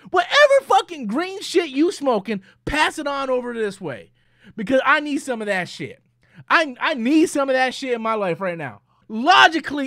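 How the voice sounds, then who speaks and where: A man on his own channel in a heated, swear-filled rant, pressing each point with a quick "right?". His voice is very high for a man, and the sound is close and completely dry. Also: fairly bright tone, dry recording. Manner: heated, profane, keeps tagging "right?". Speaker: channel host. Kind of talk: profane opinion rant.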